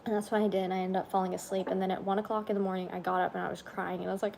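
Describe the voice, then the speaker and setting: A woman's voice: mid-range voice, level tone, rapid-fire, gravelly, few pauses, slight background noise. A woman chatting on a casual livestream, tired and under the weather, rambling and yawning. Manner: rambling, yawning, soft-spoken asides. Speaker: vlogger on a livestream.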